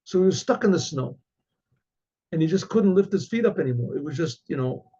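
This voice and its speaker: A male rabbi telling a story in a halting way, with many restarts and throat clearing. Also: on the high side, lively intonation, mellow, lo-fi sound.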